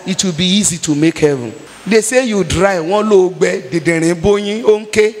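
A woman's voice: medium pitch, animated, normal speed, big-room sound. A woman evangelist with a Nigerian accent, preaching a sermon emphatically and building into fervent prayer.

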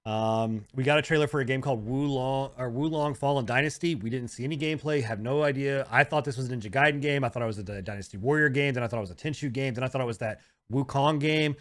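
A man's voice: medium pitch, fast talker, few pauses. Hesitant male podcast host. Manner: hesitant, many ums, leads the segments. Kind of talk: casual chat.

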